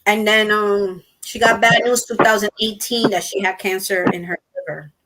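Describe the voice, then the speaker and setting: A middle-aged woman in casual chat on a stream panel, talking softly and haltingly with many fillers. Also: mid-range voice, steady tone, poor audio.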